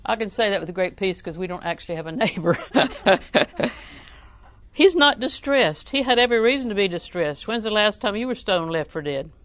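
A middle-aged woman preaching a sermon in a folksy, humorous way, often chuckling and breaking into loud acted exclamations. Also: mid-range voice, expressive, moderate pace.

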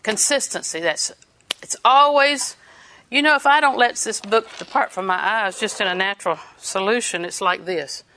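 A woman's voice: medium pitch, brisk, few pauses. A woman preaching a sermon, telling stories and laughing as she exhorts. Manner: storytelling, animated, laughs while preaching.

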